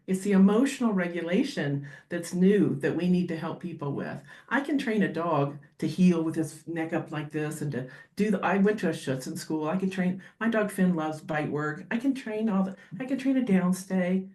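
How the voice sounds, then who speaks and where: A woman guest on a podcast talking as a dog behaviorist, animated and quick to act out little scenes. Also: lowish voice. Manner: animated, acts out dogs and owners in quick asides. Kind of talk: podcast interview conversation. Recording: roomy echo.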